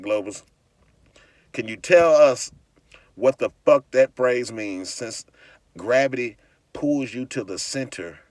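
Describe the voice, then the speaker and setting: A vlogger delivers an angry monologue full of profanity, ridiculing his critics and frequently stumbling back to restart or repeat words. His voice is mid-range, and there's no echo.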